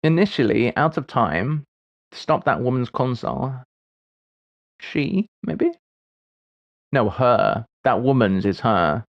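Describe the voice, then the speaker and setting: Gravelly man in his forties, thinking aloud. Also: medium pitch, big pitch swings, slow pace, pauses often, no echo, highs cut off. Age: 40s. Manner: muses aloud while solving puzzles; wry and self-deprecating. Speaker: streamer. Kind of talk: casual livestream chat.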